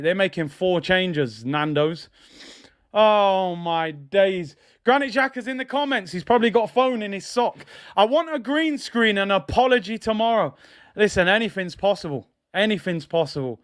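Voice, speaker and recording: A man hosting a live football watch-along, excitable and taunting, shouting at the big moments. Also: sits high, clean tone. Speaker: host.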